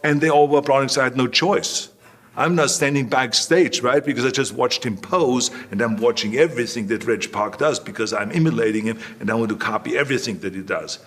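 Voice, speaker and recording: Older man, interview guest, middle pitch, animated storytelling, acts out quotes. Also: brisk. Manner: animated anecdotes, acting out quoted lines.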